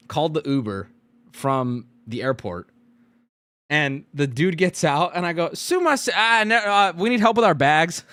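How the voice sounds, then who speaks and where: Animated jet-lagged male streamer. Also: on the high side. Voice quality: animated, profane, rambling. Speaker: streamer host. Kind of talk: casual livestream chat.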